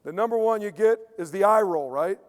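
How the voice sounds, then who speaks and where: A man, a strength coach, giving an emphatic conference lecture, repeating key points and dropping into quiet acted-out asides. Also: high voice, brisk. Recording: long hall reverb.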